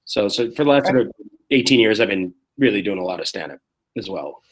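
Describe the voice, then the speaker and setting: A man in his forties, a comedian guest telling rough, profane stories on a video call and acting out the quotes. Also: fairly low pitch, lively intonation. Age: 40s. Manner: rapid, profane storytelling that acts out quotes. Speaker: guest, street performer and comedian. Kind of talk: casual podcast chat.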